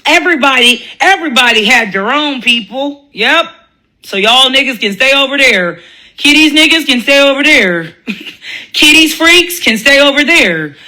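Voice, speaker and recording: A woman's voice: sits high, animated, normal speed, bright, forceful tone, low-quality recording. A woman ranting in a blunt, profane commentary monologue, laughing often and mocking other people's voices. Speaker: commentary vlogger.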